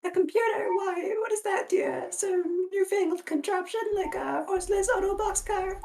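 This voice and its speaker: A woman's voice: very high-pitched, normal speed, a little mellow, slight background noise, poor audio. A woman voicing a mischievous, cryptic old grandmother ghost, with a doddering and affectionate manner. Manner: doddering and affectionate, calls people dear. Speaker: reader in a group readthrough. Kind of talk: live unscripted fan script reading.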